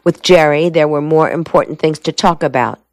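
A woman narrating a novel in a steady, measured audiobook reading. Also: low voice, no room sound.

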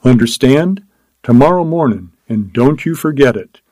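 A man's voice: medium pitch, animated, moderate pace, a little mellow, no echo, lightly acted. A man voicing a weary lone gold prospector in a storybook reading, with a folksy drawl that drops its g's. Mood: insistent.

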